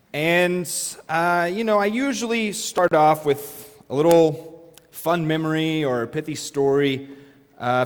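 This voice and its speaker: Man preaching in a reverberant church. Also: on the high side. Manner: conversational, emphatic, with fillers. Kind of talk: sermon. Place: church sanctuary. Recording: long reverb of a church hall.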